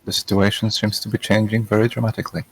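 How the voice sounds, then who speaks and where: A man speaking as his character in a tabletop game, formal and measured. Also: fairly low pitch, little pitch movement, gravelly, no echo, soft background music, low-quality recording. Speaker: player. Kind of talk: in-character role-play.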